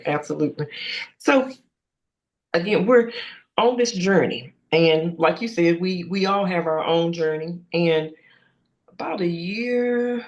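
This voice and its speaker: A woman's voice: fairly low pitch, lively intonation, a little slow, long pauses, dull audio. A woman hosting a podcast interview in an affirming way, thanking her guest and encouraging her often. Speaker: podcast host. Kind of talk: interview host.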